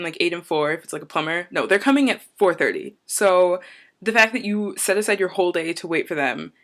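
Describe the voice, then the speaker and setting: Speaking in a mid-range, fairly bright voice, a young woman vlogger talks to the camera in a relaxed way. Her chatter is upbeat and rambling, drifting into tangents.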